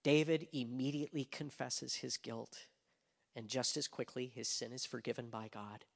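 In a mid-range male voice, a pastor delivers a fervent sermon that rises to loud points and falls to hushed whispers. The sound has a long hall reverb.

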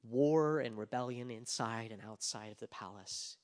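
A male pastor speaking at normal speed in a mid-range voice preaches passionately, alternating between loud emphasis and soft whispers. The recording has a long reverb, as in a large hall.

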